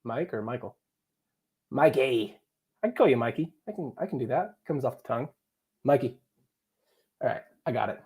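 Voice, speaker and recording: A young man with a mid-range, slightly mellow voice hosts a live draft stream, speaking at normal speed with animated delivery and long pauses. He reads viewer comments and jokes around casually with chat and his co-hosts.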